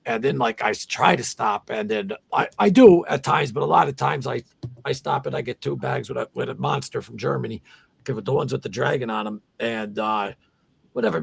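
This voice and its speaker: A man's voice: medium pitch, creaky, breathy edge. A man on a podcast, talking casually in a rambling, profane, insistent way. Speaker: podcast co-host. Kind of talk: casual chat.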